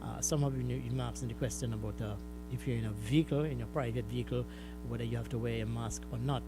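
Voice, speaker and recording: A man's voice: mid-range voice, steady tone, quick pace, over music, rough recording. A man with a Trinidadian accent hosting a call-in radio show, stressing and repeating key points. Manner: emphatic, repeats key words to stress them.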